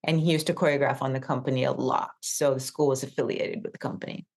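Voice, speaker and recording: A middle-aged woman on a podcast, telling a personal story in a casual, animated way with many fillers. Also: very deep voice, fast talker. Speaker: podcast co-host.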